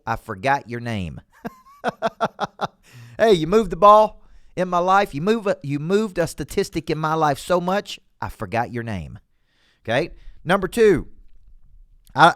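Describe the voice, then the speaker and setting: Energetic Southern man coaching sales. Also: mid-range voice, dry recording, clean studio sound. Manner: energetic, folksy, punchy salesman delivery with frequent "folks". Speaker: business coach hosting a show. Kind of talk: motivational talk to camera. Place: studio.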